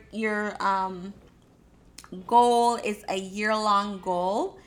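A woman's voice: medium pitch, a bit bright. A woman from Jamaica coaching her listeners on goals and budgeting in a loose, encouraging way. She stumbles and restarts, doubles words and leans on "um" and "you know" as she goes. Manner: repeats words, frequent fillers and restarts; encouraging, addresses listeners directly. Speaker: speaker giving advice on goal setting. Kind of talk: casual motivational talk.

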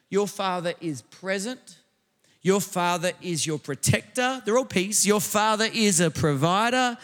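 A man preaching a sermon, emphatic, repeating phrases and building to shouts. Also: sits high. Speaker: pastor. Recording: long hall reverb.

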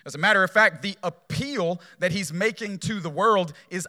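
Bright-voiced man preaching a sermon. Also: sits high, moderate pace. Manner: conversational preaching, frequent "right?" tags, repeats phrases for emphasis. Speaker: pastor.

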